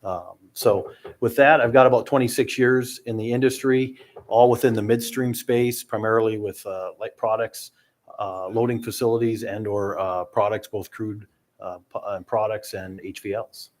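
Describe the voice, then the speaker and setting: Company president, middle-aged man, low and monotone, businesslike with many fillers, conference panelist. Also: normal speed. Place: hotel ballroom conference session.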